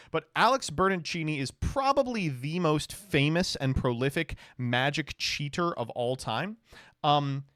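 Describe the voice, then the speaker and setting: A man streaming casual reaction commentary, animated, swearing freely and laughing often. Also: medium pitch, no echo, studio quality.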